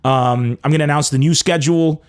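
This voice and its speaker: A young man hosting a comedy podcast, telling stories in a loose, animated way and swearing freely. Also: a little high, brisk, clear, resonant tone. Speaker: podcast host. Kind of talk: casual comedic monologue.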